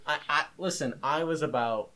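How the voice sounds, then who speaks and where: A man co-hosting a casual podcast, telling a story in an animated, exasperated way. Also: fairly high pitch, normal speed. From Italian-American. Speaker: podcast co-host. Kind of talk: casual chat.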